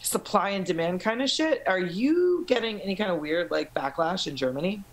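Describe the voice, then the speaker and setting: A woman's voice: fairly low pitch, moderate pace, rough recording. An American woman, a podcast guest, telling stories in casual, profane chat. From United States. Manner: profane, animated storyteller. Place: lives in Paris suburbs.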